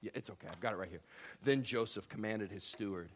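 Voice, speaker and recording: A man preaching a sermon, telling a story with lively acted-out voices and swinging from quiet to loud. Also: lowish voice, quick pace. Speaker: pastor.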